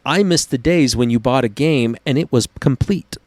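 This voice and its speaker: A man hosting a casual podcast, telling stories in an animated, profane way. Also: medium pitch, normal speed, no echo. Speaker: podcast host. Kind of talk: casual chat.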